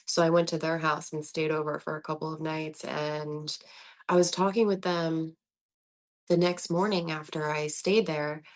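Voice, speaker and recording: An American woman in her thirties hosting a podcast, telling her own story in an animated way and laughing often. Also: deep voice, normal speed. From United States. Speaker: podcast host. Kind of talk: casual conversational podcast.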